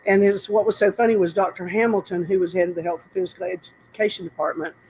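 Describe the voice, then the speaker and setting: A woman's voice: medium pitch, steady tone, fast, a little mellow, a little hiss or hum, poor audio. An older woman from North Carolina, telling stories in a casual, rambling interview, often breaking off and laughing. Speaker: interview guest. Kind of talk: casual storytelling.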